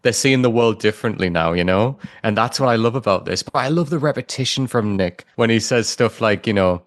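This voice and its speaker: A man's voice: fairly low pitch, a little fast, no room sound, studio quality. A man with an English accent co-hosting a podcast, gushing enthusiastically as he analyses a TV scene. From England. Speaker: podcast co-host. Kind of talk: casual chat analysing a show.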